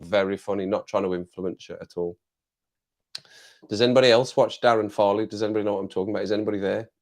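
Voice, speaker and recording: A man's voice: lowish voice, steady tone, quick pace, darkish tone. An English man hosting a casual live stream, chatting to viewers in a rambling way, repeating phrases and laughing often.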